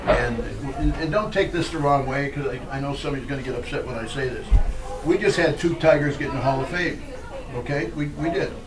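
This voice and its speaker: An older man, a former pitcher, telling rambling baseball anecdotes at a live question-and-answer event, speaking into a handheld mic with fillers and restarts. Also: fairly quick, distant mic. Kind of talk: storytelling at a live Q&A.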